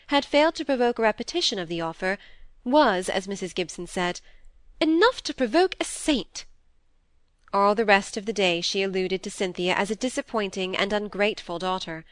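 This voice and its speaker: A woman narrating a classic novel in a measured audiobook reading. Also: medium pitch, a bit bright, clear, resonant tone, no room sound. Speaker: audiobook reader.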